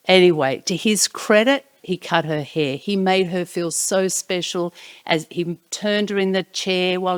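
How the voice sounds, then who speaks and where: A woman narrating a personal anecdote in an expressive way, sometimes dropping to hushed tones. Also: on the low side, clear, resonant tone, dry recording. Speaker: storyteller.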